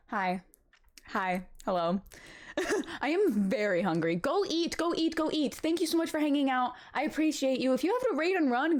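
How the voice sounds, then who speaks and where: A young woman chatting casually with her live-stream chat from home, bubbly and rambling, laughing often. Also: a little high.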